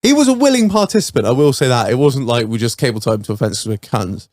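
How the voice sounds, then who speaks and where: A man's voice: mid-range voice, sing-song, fast, darkish tone, dry recording. A man co-hosting a podcast, telling school stories in a sweary, laughing, casual chat. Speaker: podcast co-host.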